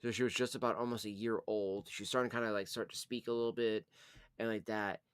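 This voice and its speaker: A man's voice: on the low side, steady tone, fast, clean tone, dry recording, clean studio sound. A young man, hosting his channel, chatting casually, laughing often and swearing freely. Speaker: channel host. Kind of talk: casual chat.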